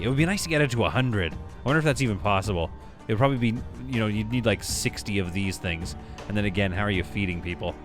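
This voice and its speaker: Young male let's-play host, chatty and self-correcting, mid-range voice, faint game music behind. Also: medium pitch. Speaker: gameplay video host. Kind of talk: casual let's-play commentary.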